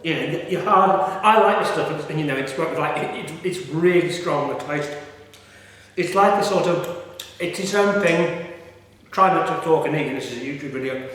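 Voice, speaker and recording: A man's voice: fairly high pitch, fairly bright tone. A middle-aged man rambling casually with many fillers and restarts, reviewing food in a vlog. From United Kingdom. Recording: echoey room with long reverb.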